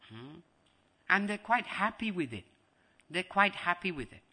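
A man's voice: high-pitched, unhurried. A man giving a devotional lecture as a spiritual teacher, repeating phrases for emphasis and acting out scenes. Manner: animated, acts out scenes.

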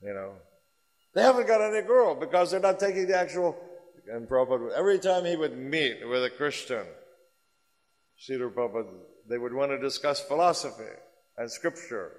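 A man teaching a religious class and telling stories in an animated, rambling way. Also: medium pitch, brisk. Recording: reverberant hall.

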